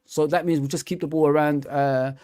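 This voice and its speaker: Young guy rambling on a fan stream, kinda high voice, dry close sound. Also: fairly even intonation, a little fast, a little mellow, clear, resonant tone, no echo. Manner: rambling, repeats himself, slangy. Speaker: fan channel host. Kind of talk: casual live stream chat.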